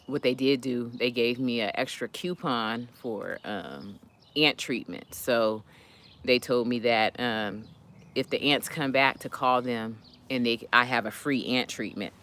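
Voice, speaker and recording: A San Diego regular on a live audio chat tells stories in a loose, rambling way, full of fillers and restarts. The mid-range voice is unhurried, pushed and bright.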